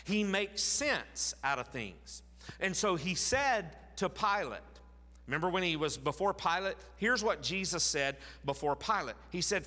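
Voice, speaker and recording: A man's voice: a little high, expressive, unhurried, pushed and bright, in a large hall. A man preaching a sermon as pastor, in a conversational way with fillers, often putting questions to the congregation.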